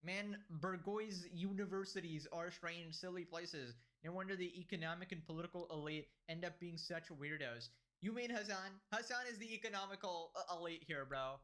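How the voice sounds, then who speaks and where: A man's voice: high voice, moderate pace, few pauses, pushed and bright. A man co-hosting a stream, giving sarcastic, mocking commentary in casual chat. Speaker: stream co-host reacting to clips.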